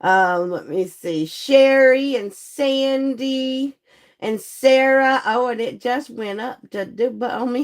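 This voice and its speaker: Croaky-voiced woman, slow and chatty. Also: a little high. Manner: chatty, folksy, laughs often. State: hoarse, croaky voice. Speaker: livestream host and seller. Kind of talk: casual live-stream chat greeting viewers.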